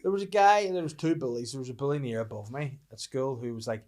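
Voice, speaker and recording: Man, Northern Irish accent, young adult, podcast host, rapid talker, sweary storyteller. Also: mid-range voice, darkish tone. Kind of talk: casual chat.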